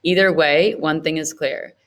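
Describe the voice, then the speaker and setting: A woman reading a novel aloud in the first person, in a measured, even storytelling manner. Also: low voice. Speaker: audiobook narrator.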